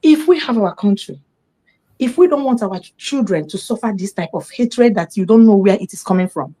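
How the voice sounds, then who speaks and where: Animated Nigerian woman telling a story. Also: medium pitch, brisk, low-quality recording. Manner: animated storytelling, acting out dialogue. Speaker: storyteller sharing a personal account. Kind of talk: impassioned personal testimony.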